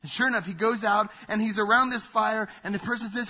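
A male pastor preaching a sermon, animated, acting out quoted voices and dropping to hushed asides. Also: high voice, fairly quick, hardly any pauses, dull audio. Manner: animated preaching, acts out quoted voices, drops to near-whispers.

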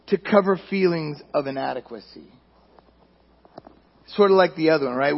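A man preaches to his congregation in a loose, conversational sermon, often turning his points into questions for the listeners. His voice sits high and has a husky, breathy edge. The recording sounds muffled and lo-fi. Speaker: pastor.

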